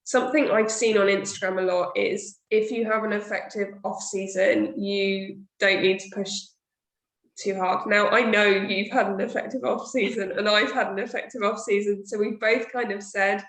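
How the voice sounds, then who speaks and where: A woman's voice: mid-range voice, fairly even intonation, normal speed. Chatty woman in an echoey room. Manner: candid, chatty, quotes herself often. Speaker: podcast host, bodybuilder. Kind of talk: casual chat. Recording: roomy echo.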